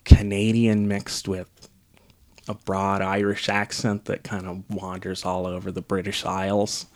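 A man's voice: low voice, completely flat delivery, a little slow, darkish tone. A man on a casual podcast, recapping a film in a sarcastic, rambling way with lots of ums. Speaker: podcast co-host reviewing a film. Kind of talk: casual chat.

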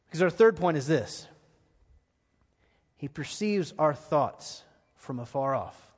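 A male pastor preaching a sermon in a church, emphatic, repeating his phrases and dropping to a hush at times. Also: fairly high pitch, animated, slow, big-room sound. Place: church sanctuary.

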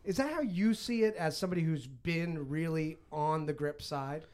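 A man's voice: fairly high pitch, moderate pace, darkish tone. A man hosting a casual podcast chat, talking in a chatty way with frequent restarts. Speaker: podcast host and film producer.

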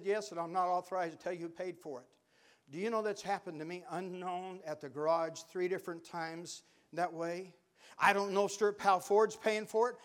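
Older man, high smooth voice, folksy storytelling sermon, fervent preaching.

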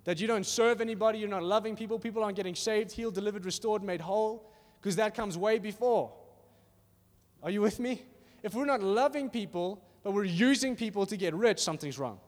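A man preaching a sermon in a church hall in an animated, conversational way, often asking "are you with me?". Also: high-pitched, fairly quick. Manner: animated and conversational, acting out little voices, asks "are you with me?". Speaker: pastor. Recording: reverberant hall.

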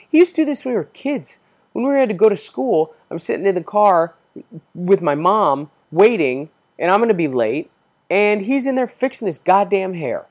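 A man's voice: high-pitched, very animated, normal speed, darkish tone. A man in his thirties hosting a podcast, telling an exasperated story in a casual, profane ranting way. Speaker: podcast host.

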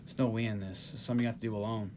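Man recapping a movie, animated. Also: fairly low pitch, racing, slight background noise. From Northeast US. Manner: animated retelling of scenes, frequent laughs. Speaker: podcast host. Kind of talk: casual movie recap chat.

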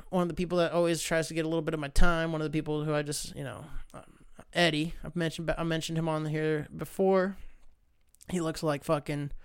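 Male host, loose and profane comic storyteller; smooth tone, close dry mic. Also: on the high side, no room sound. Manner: profane, rambling, animated. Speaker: podcast host. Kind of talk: casual comedic storytelling monologue.

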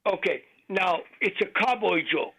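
A man calling in to a radio show, telling a joke haltingly with many fillers and non-native grammar. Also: sits high, animated, pushed and bright, poor audio. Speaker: caller.

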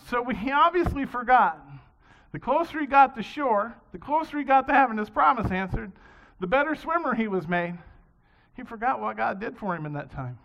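A man's voice: very high voice, expressive, moderate pace, creaky. A man preaching a sermon in a conversational, storytelling way, in a dull lo-fi recording. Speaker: pastor. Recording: dull lo-fi sound.

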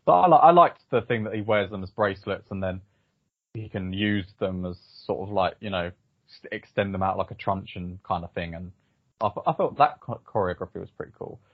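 A low-voiced man with a husky edge talks through a film review in a casual, halting way, filling his pauses with ums. The sound is dry and a little dull, like a modest home podcast setup. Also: no room sound. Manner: hesitant, lots of ums and restarts. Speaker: podcast host.

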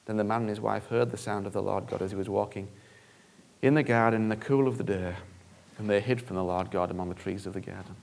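A man's voice: lowish voice, fairly even intonation, quick pace, gravelly, darkish tone. A male preacher giving an earnest, conversational sermon that often repeats phrases for emphasis.

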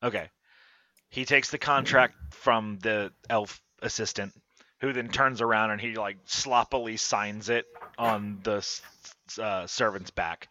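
A man's voice: lowish voice, fairly even intonation, unhurried, pushed and bright. A man narrating as game master, teasing his players dryly, on a dull lo-fi recording.

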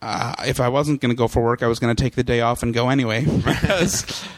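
A man's voice: medium pitch, fairly even intonation, fairly quick, dry recording. A young adult man, a podcast guest, telling a comic story in casual chat, laughing often and breaking into mocking impressions.

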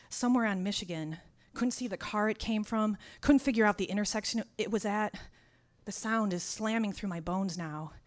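A woman telling a personal story out loud, dry and wry, turning raw and intense as it goes. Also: mid-range voice. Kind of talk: first-person spoken storytelling.

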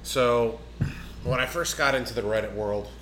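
Bright-voiced man, earnest and explanatory. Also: mid-range voice, normal speed, a little hiss or hum, rough recording. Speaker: jiu-jitsu instructor. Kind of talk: casual chat, storytelling.

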